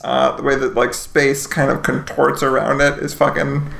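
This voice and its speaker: A man co-hosting a casual film podcast, talking in a halting way, with many fillers and swears. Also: mid-range voice, little pitch movement, vocal fry, a bit bright. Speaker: podcast co-host.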